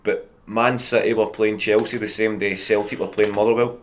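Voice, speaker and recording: A man's voice: lowish voice, level tone, moderate pace. A Scottish man in his thirties, a comedian guest chatting casually and telling stories with a lot of laughter. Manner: chatty storyteller, laughs often. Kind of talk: casual chat.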